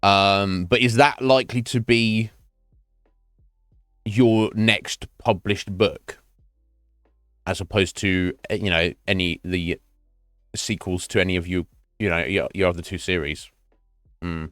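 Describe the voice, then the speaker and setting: A man's voice: deep voice, steady tone, a little slow, pauses often, a bit bright, clear, resonant tone, no echo, clean studio sound, faint music behind. A man streaming live, chatting casually with his viewers in a rambling, self-mocking way and swearing freely.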